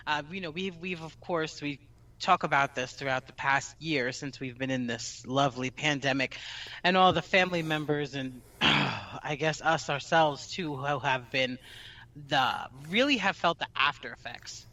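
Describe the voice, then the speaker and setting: A woman's voice: low voice, normal speed, pushed and bright. A woman co-hosting a podcast, chatting in an upbeat, easy way and laughing often. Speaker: podcast co-host. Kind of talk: casual podcast chat.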